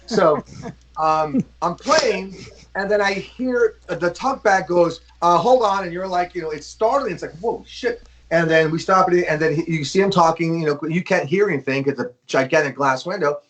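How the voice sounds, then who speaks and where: A man in his fifties from Los Angeles, a guest drummer telling a profane, animated story with lots of fillers in a casual interview. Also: fairly high pitch, normal speed. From Los Angeles, USA.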